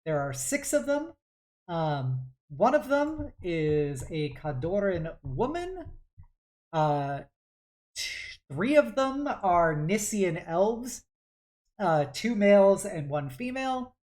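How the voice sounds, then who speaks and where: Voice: mid-range voice, very animated, takes it slowly, darkish tone. Hesitant tabletop game master narrating. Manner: hesitant, many fillers.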